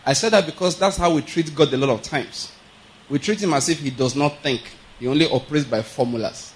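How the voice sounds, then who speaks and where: Chuckling preacher. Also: male voice, on the high side, a little fast, a little hiss or hum, rough recording. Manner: conversational teaching with frequent check-ins and chuckles. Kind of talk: sermon.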